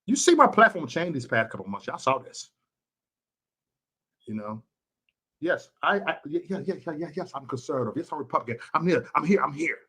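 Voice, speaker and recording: A man's voice: a little high, big pitch swings, fairly quick, pushed and bright, slightly rough. Blunt, profane man ranting on a livestream. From Chicago. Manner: blunt, profane, preachy, repeats himself. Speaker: vlogger and livestream host. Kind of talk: livestream rant to chat viewers.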